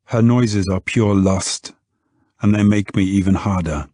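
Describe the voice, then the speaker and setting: A man narrating a romance novel in the first person. His voice is deep and husky, and his delivery is close and unhurried. The recording is dry, with no room sound. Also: dark tone, no room sound. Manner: intimate, unhurried storytelling. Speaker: audiobook narrator.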